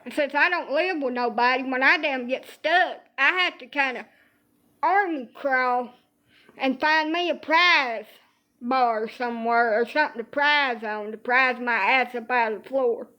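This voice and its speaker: Profane high-voiced woman ranting. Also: measured pace, pushed and bright. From Alabama. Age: 30s. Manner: profane, exaggerated complaining storytelling. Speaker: social media streamer. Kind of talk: casual comedic rant.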